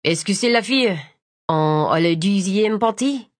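A woman's voice: medium pitch, expressive, moderate pace, dry recording, close to an everyday voice. A woman voicing a terse man who speaks with a French accent. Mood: curt.

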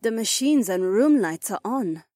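A man's voice: high-pitched, lively intonation, unhurried, dark tone, no echo, studio quality, voice pushed up. A man voicing an upbeat young woman fighter, matter-of-fact and proud.

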